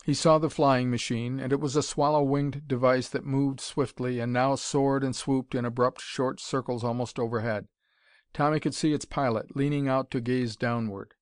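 Man, audiobook narration, steady and even, middle pitch, dry close mic. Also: moderate pace, clean tone, no room sound.

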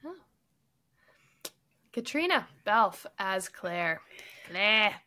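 A woman's voice: mid-range voice, sing-song, extremely slow, sharp tone. A woman hosting a casual book-review podcast, reading background facts aloud and laughing often. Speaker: podcast host.

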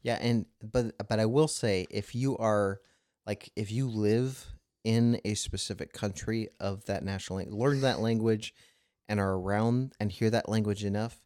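A man talks through his thoughts on a casual podcast, circling back and restarting as he goes. His voice sits low, and the recording is dry and close with almost no room sound. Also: fairly even intonation, moderate pace, darkish tone, no room sound. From United States. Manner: rambling, frequent restarts, laughs while telling anecdotes. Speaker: podcast co-host. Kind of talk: casual conversation.

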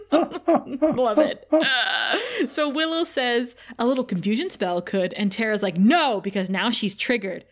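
A woman's voice: fairly high pitch, slow pace. A woman co-hosting a podcast, retelling scenes in casual chat and laughing often. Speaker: podcast co-host.

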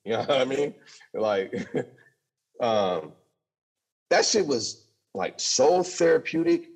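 A man's voice: medium pitch, very animated, slow, vocal fry, long pauses. A young man telling his own story with candid, profane energy, stumbling over short restarts. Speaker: podcast guest telling his recovery story.

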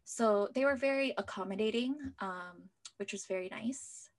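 A young woman telling her personal story as an interview guest, in a chatty way full of "like" fillers, sometimes dropping to a soft near-whisper. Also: mid-range voice, moderate pace.

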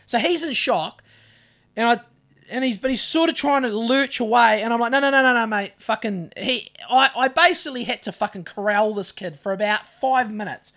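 A man's voice: very high-pitched, normal speed. A man, a podcast co-host getting over covid, telling a story in casual chat, cursing freely and acting out what he said. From New Zealand. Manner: profane, animated storyteller acting out his own lines. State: recovering from covid.

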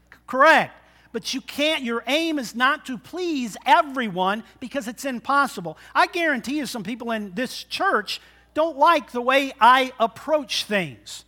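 Wysoki, jasny głos pastora. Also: male voice, very high voice, lively intonation, measured pace, bright, forceful tone. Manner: conversational, asks the congregation questions. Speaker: preacher. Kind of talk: sermon. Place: church.

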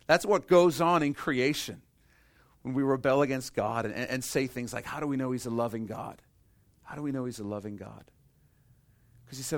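A man preaching a sermon as pastor, swinging from hushed, quiet passages to emphatic peaks, with rhetorical questions and repetition. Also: mid-range voice, brisk.

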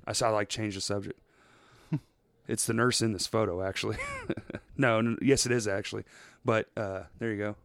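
A man's voice: lowish voice, fairly even intonation, moderate pace, vocal fry, pauses often, no room sound. A man co-hosting a podcast, telling stories in casual chat, swearing freely and laughing often. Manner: profane, laughing storyteller. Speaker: podcast co-host.

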